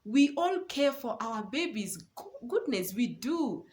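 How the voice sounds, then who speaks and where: A woman's voice: on the high side, sing-song, measured pace, darkish tone. A young woman, a new mother and parenting coach, giving earnest advice to camera and repeating words for stress. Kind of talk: casual advice talk to camera.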